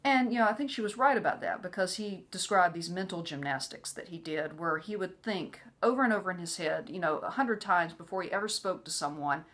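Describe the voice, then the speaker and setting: Low-voiced woman telling a personal story. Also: expressive, fairly quick, fairly bright tone. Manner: frequent "you know" fillers, acts out quoted voices. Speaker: vlogger sharing personal story.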